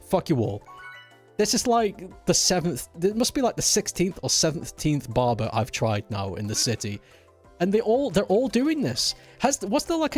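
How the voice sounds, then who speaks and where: A man ranting casually and with exasperation while he plays a racing game on stream, swearing often. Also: high voice. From United Kingdom.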